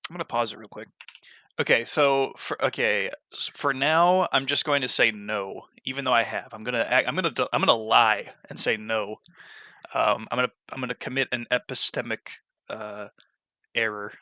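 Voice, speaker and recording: Rambling bright-voiced male gamer. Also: mid-range voice, moderate pace, no room sound, lo-fi sound. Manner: rambling, many fillers and restarts. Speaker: let's play gamer. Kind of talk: casual gameplay commentary.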